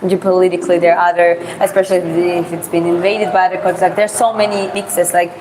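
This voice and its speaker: A woman vlogger from Georgia, speaking English with a Georgian accent as a non-native speaker, chats live with viewers while walking city streets, rambling and answering questions with plenty of fillers. She talks fast in a low-ish, flat voice over background noise.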